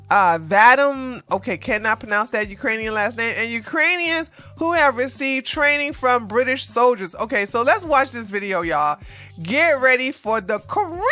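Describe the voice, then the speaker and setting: A high, bright-voiced woman hosts a news commentary show. She reads stories aloud and keeps breaking off with sarcastic, mocking asides. The sound is dry and close. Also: no room sound. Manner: sarcastic, mocking asides between read-out passages; breaks into laughter while reading. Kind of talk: reading news items aloud with running commentary.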